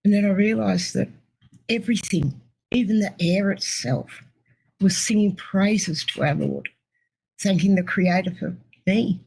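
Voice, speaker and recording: Middle-aged Australian woman, Australian accent, husky and gravelly, earnest testimony. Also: mid-range voice, a little slow, rough recording. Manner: earnest, emotional storytelling. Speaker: guest telling a near-death experience. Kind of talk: personal testimony.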